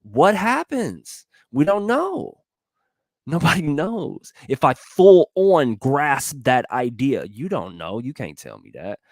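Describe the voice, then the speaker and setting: Man, motivational talk, casual slang, repeats himself, lively swinging pitch. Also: slow pace, no room sound, studio quality. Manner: animated, repetitive, slangy, laughs often. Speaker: motivational speaker. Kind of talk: energetic motivational monologue.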